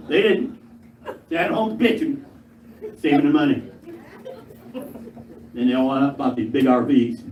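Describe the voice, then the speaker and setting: An older man performing a stand-up routine on stage, gruff and profane with punchy, jumpy delivery. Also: on the high side, normal speed, long pauses. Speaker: stand-up comedian. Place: live comedy club stage. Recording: echoey live room, mic far, crowd noise. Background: audience laughter.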